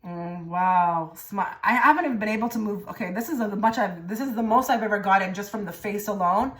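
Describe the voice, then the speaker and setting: A woman giving a pick-a-card tarot reading to her viewers, rambling and repeating herself, often trailing into soft murmured phrases. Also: medium pitch, a little fast. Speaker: tarot reader.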